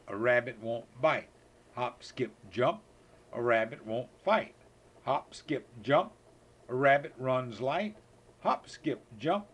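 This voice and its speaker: A man's voice: medium pitch, expressive, slow pace, breathy edge. An older man, a grandfather, reading children's poems aloud in a sing-song way, now and then slipping and rereading a line.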